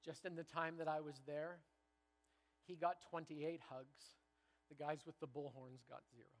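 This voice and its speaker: A man from Canada preaching a sermon, moving from quiet reflection to loud, rousing repetition before his congregation. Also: fairly high pitch, flat delivery, normal speed, big-room sound. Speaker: pastor.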